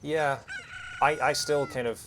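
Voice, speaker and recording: A man's voice: mid-range voice, fairly even intonation, a little slow, a bit bright, slight background noise. A young man with a strong accent, chatting casually and hesitantly while streaming a game. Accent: strong non-American accent, from outside America. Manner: hesitant, with fillers and restarts, self-deprecating. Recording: music playing behind.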